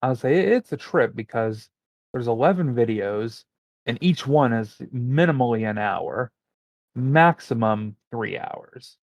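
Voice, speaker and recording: A man chatting on a podcast in a loose, rambling way, stopping to look details up as he goes. His voice sits at an ordinary pitch. The sound is dull and dry, with no room around it. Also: unhurried, no room sound. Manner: relaxed, rambling, looks things up as he talks. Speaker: podcast co-host. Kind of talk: casual chat.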